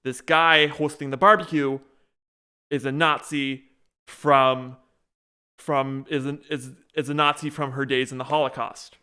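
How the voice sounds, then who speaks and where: Bright-voiced young man, rambling. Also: medium pitch, little pitch movement, measured pace, clear, resonant tone. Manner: rambling, many restarts and fillers while retelling a show. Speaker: podcast co-host. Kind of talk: casual chat.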